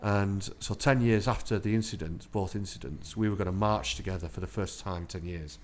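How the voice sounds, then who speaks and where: A man's voice: low voice, brisk. A man, an army veteran guest telling chatty anecdotes in an interview and laughing through his stories. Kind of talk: casual storytelling interview.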